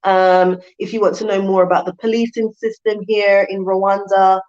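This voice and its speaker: A woman's voice: medium pitch, level tone, moderate pace, a little mellow. A woman in her thirties, from the UK, talks loosely to her viewers on a live stream, laughing easily and answering their comments as they come in. Her voice sits mid-range for a woman. The stream audio is a little dull and lo-fi. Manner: chatty, laughs often, reads out viewer comments. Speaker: vlogger hosting a live stream. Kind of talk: casual live-stream chat.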